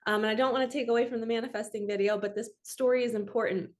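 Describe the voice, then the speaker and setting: A woman's voice: fairly high pitch, fairly even intonation, racing. A woman in her forties, a manifestation coach, telling a personal story in a candid, emotional, rambling way.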